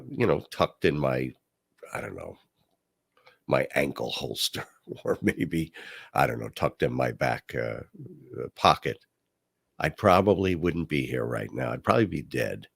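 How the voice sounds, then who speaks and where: A man hosting a podcast, telling a personal story in a casual monologue. He acts out the quoted voices at a higher pitch and drops low and quiet on his asides. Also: gravelly, breathy edge, no room sound. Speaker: podcast host.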